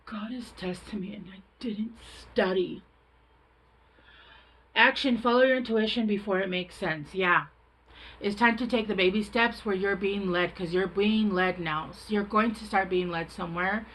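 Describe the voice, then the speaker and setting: A woman's voice: mid-range voice, moderate pace, a bit bright, slight background noise, poor audio. A woman giving a casual, rambling tarot reading, frank and chatty, often stopping to restart her sentences. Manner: rambling, chatty, self-interrupting. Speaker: tarot reader.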